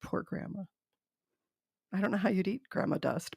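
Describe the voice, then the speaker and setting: Female host, amused and chatty, gravelly tone, lively pitch, dry close recording. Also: normal speed, pauses often, no echo. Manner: amused, laughing often; dry commentary between readings. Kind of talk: casual reading of funny notes.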